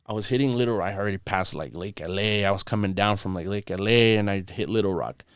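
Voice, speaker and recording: A man's voice: fairly low pitch, fast, smooth, no room sound, studio quality. A man casually telling a long story on a podcast, rambling and profane, filling his talk with "bro" and "dude". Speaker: podcast guest. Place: podcast studio.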